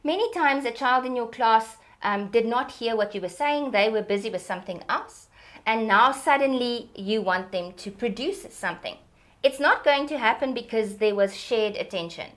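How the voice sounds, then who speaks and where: A woman speaks in a fairly high, bright-toned voice. She explains early childhood development in an animated, teacherly way as an interview guest. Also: moderate pace.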